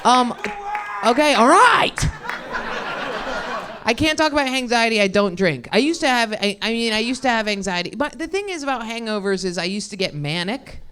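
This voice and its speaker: A woman's voice: a little high, expressive, normal speed, fairly bright tone, slight background noise. Rambling crude woman doing stand-up. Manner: rambling, self-deprecating, crude, laughing at own jokes. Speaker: stand-up comedian. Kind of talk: improvised stand-up set. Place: comedy club stage with live audience.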